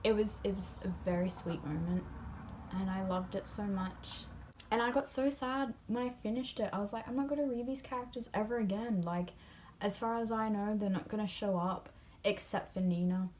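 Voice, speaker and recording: A woman's voice: medium pitch, steady tone, normal speed, a little mellow, slight background noise. A young woman chatting casually about a novel she loved, gushing, full of fillers and often dropping into a whisper. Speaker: book vlogger. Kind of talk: casual spoiler discussion of a novel.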